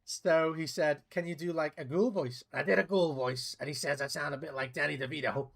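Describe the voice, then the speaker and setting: A man with a Scouse accent chats through his gameplay in a loose, rambling way, cracking jokes and swearing freely. His voice sits a little high for a man, with a gravelly fry running through it. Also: fairly even intonation, fairly quick, fairly bright tone. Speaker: streamer. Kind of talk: casual gameplay commentary.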